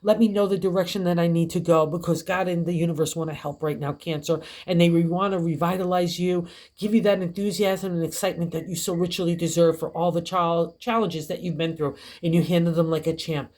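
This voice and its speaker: A woman's voice: on the low side, steady tone, brisk, hardly any pauses, a little mellow. An older woman giving a tarot reading, chatty and encouraging, laughing often as she talks. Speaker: tarot reader.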